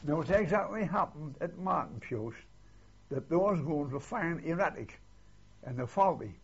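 Older man, gravelly, husky, rambling oral history, lo-fi archive tape. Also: a little high, lively intonation, normal speed. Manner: rambling, tags lines with "see". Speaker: war veteran interviewee.

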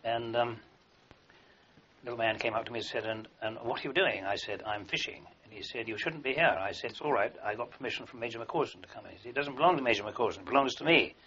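A man's voice: medium pitch, fast talker, sharp tone. An older man, an army veteran, telling long wartime anecdotes in a rambling way with fillers and restarts, in a dull lo-fi recording. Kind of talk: oral history recollection.

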